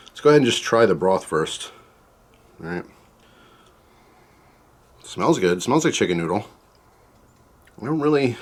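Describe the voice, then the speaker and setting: Chatty man taste-testing spicy soup. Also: on the low side. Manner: chatty, rambling, with many fillers and asides. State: mouth burning from spicy food. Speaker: food reviewer. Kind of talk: casual taste-test vlog.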